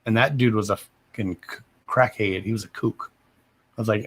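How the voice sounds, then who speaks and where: A man's voice: on the low side, fairly even intonation, moderate pace, a bit bright, husky. Mumbling man in his thirties. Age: 30s. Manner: profane, rambling and self-deprecating. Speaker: card reader. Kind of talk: casual livestream chat.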